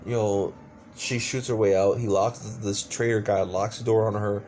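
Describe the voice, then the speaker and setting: A man's voice: lowish voice, steady tone, normal speed, a little mellow, slight background noise. A man giving a casual, exasperated movie review, swearing often and stumbling over fillers. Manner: exasperated, profane ranting with many fillers.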